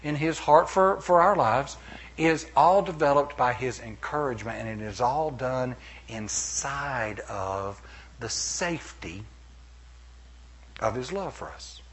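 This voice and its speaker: A middle-aged pastor preaches a sermon with animation, adding playful asides and acting out quotes. His voice is medium in pitch and his delivery is slow.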